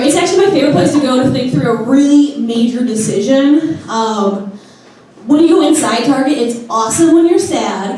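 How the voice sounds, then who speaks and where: A woman telling a story on stage, chatty, casual and candid. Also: darkish tone. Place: live venue with audience. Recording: booming echoey hall from far off with audience.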